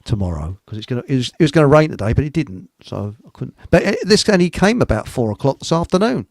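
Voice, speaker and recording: A man's voice: mid-range voice, sing-song, fast talker, vocal fry, no room sound. A middle-aged man, hosting a live online show in a rambling, jokey chat and laughing at his own jokes. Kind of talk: casual chat.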